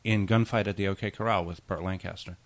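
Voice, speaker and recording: Chatty rambling man, low voice. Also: steady tone, fast. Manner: chatty, rambling, tosses in goofy impressions. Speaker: podcast co-host. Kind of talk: casual chat.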